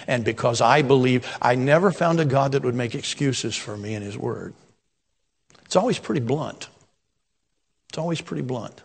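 An older man in his sixties preaching in a folksy, storytelling manner. His voice sits at an ordinary middle pitch and climbs to emphatic peaks. A long reverb trails his words as if from a church sanctuary. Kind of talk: sermon.

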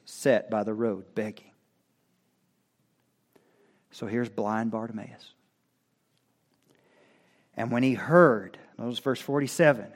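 A man preaching a sermon at an unhurried pace, in a voice of ordinary pitch for a man. He reads scripture slowly, then rises into loud, impassioned cries. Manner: slow, building to loud impassioned cries when quoting scripture. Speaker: pastor.

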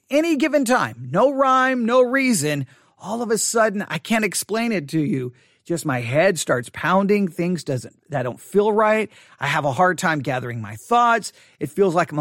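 An online Bible teacher in his forties gives a personal monologue to his online audience from an empty church sanctuary. His fairly high, slightly bright voice is very animated, earnest, and halting, full of restarts and repeated words. The recording is close and dry, with no room echo.

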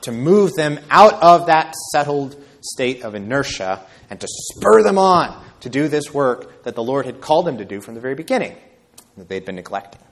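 A male pastor delivering a sermon in a mid-pitched, ordinary voice. He moves between reading scripture and plain, conversational explanation, peppering his points with quick tag questions to his listeners.

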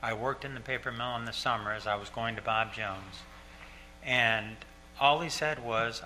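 An older man preaching a sermon as pastor, earnest and repeating key lines slowly for emphasis. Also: medium pitch, sharp tone, a little hiss or hum. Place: church sanctuary.

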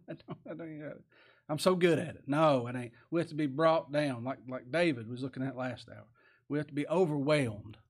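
A man's voice: a little high, breathy edge. A man preaching a sermon in a folksy way, asking the congregation rhetorical questions and chuckling to himself.

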